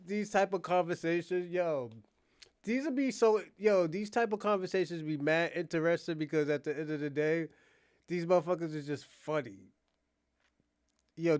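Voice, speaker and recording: A man with a noticeably high speaking voice co-hosts a livestream in loose, casual chat. He rambles, swears freely and keeps restarting his sentences. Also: clean tone. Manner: rambling, profane, restarts a lot.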